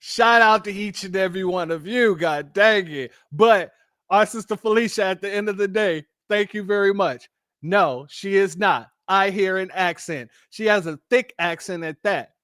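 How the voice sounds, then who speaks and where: A Californian-accented man hosts a casual live stream with a high voice. He tells stories in an animated way and laughs often. The sound is dry and close. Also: normal speed, dry recording.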